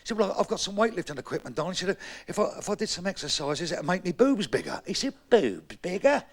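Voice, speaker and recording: A man with a London Cockney accent doing a bawdy live stand-up routine, with a gravelly voice and punchy, brash delivery. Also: high-pitched, sing-song, quick pace. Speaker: stand-up comedian. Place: comedy club stage. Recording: live club recording with crowd. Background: audience murmur and laughter.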